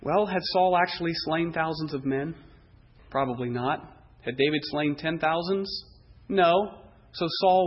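A man preaching an expository sermon, animated, asking rhetorical questions and acting out the voices he quotes. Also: on the high side, unhurried, muffled recording.

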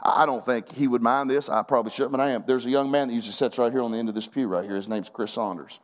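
A man's voice: medium pitch, steady tone, quick pace. A middle-aged man preaching a sermon as pastor, folksy and fervent, building to emphatic bursts.

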